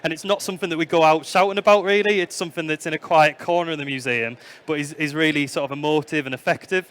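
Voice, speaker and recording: A man's voice: fairly high pitch, fairly even intonation, quick pace. A middle-aged man giving a conference talk, telling anecdotes with plenty of fillers. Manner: storytelling, warm anecdotes with fillers. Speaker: museum product development manager giving a conference talk. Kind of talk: conference presentation.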